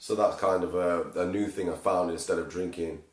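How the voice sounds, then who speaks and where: A man's voice: deep voice, fairly even intonation, a little fast. A man hosting a podcast, talking casually and reflectively, with lots of fillers and asides. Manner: reflective, rambling, with many fillers. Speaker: podcast host. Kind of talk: casual chat. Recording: echoey room.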